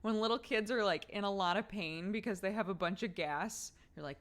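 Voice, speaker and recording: A woman's voice: mid-range voice, brisk, hardly any pauses. A young woman streamer chatting casually with her viewers, giggly and rambling as she tells stories. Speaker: streamer host reading chat.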